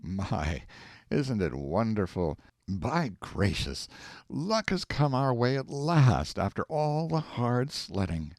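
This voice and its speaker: A man reading aloud, voicing an excitable husband who talks in an eager, folksy, impatient way. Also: mid-range voice, takes it slowly, no echo, clean studio sound, pitched above the performer's own voice. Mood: excited.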